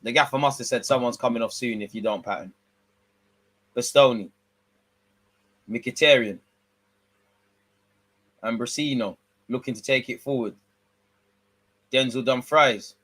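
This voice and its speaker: A man's voice: mid-range voice, a little slow, long pauses, dry recording. Slangy man calling a live match. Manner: slangy, excitable bursts over calm play-by-play. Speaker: watch-along host. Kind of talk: live football watch-along commentary with banter.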